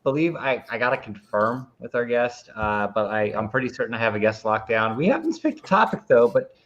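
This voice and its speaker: A man's voice: mid-range voice, big pitch swings, brisk, a bit bright. A man co-hosting a casual podcast chat, hesitant and stammering. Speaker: podcast co-host. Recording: slightly dull sound.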